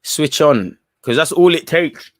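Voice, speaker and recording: Speaking a little slowly in a slightly high, expressive voice, a man hosts a live football watchalong, commenting casually with strong opinions and often tacking "man" onto his phrases. He reads out chat messages and responds to them, recorded dry with studio quality.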